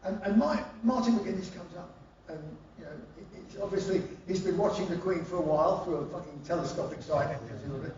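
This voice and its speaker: A man with a high voice tells comic stories on stage, swearing freely and keeping up an animated, rambling flow. He is a rock singer giving a spoken-word evening at a concert venue. The sound is distant and dull, with heavy hall echo and a faint hum behind it. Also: brisk. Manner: swearing, animated anecdote-telling. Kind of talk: live comic storytelling.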